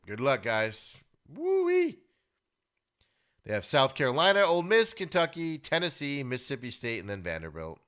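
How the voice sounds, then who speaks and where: A man hosting a sports podcast, giving opinionated casual commentary and getting loud and high when worked up. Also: very animated, a little fast, few pauses, smooth. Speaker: podcast host. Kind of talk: casual sports talk monologue.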